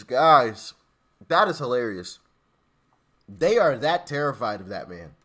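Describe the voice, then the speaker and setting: A man with a fairly high voice whose pitch swings widely as he riffs on clips. His talk is rambling and casual, full of stammered repeats and laughter. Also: sharp tone. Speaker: channel host reacting to clips. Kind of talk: casual reaction commentary.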